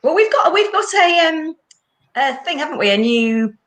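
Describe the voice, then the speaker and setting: A playful woman joking along on a live stream. Her voice is high and lively. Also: normal speed.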